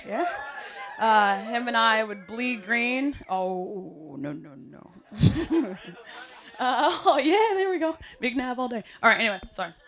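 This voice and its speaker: A young woman from the area speaks, delivering a loose, chatty wedding speech. She rambles with plenty of "um" and "like" and breaks into laughter often. Her voice sits at an ordinary middle pitch for a woman. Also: a bit bright. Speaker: wedding guest giving a toast.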